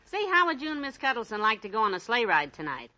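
A woman's voice: on the high side, very animated, quick pace, pushed and bright, rough recording. An actress playing a cheerful, teasing middle-aged wife who laughs at her own puns, in 1940s radio acting style. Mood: playful.

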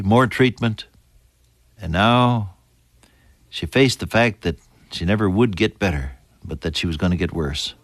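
An older man preaching a sermon, earnest, dropping to a hush and then rising to emphatic peaks. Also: low voice, dry recording, studio quality.

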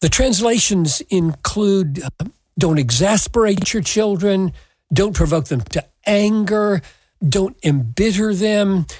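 Male preacher, husky voice, measured and emphatic sermon delivery. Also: high-pitched, expressive, darkish tone, no room sound, rough recording. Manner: measured, emphatic scripture exposition. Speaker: pastor.

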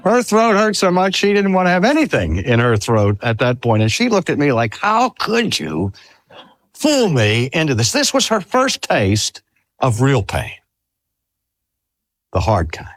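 A man's voice: mid-range voice, wildly swooping pitch, normal speed, no room sound. An older man preaching a sermon. He speaks earnestly, drags out key phrases for emphasis and asks the listeners rhetorical questions. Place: talk at a cancer hospital.

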